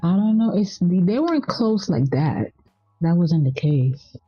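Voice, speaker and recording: A woman with a soft, drowsy-sounding voice chats as co-host of a livestream. Her audio is dull and slightly lo-fi, dry and close. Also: fairly low pitch, animated, measured pace, husky, no echo, soft background music. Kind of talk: casual livestream chat.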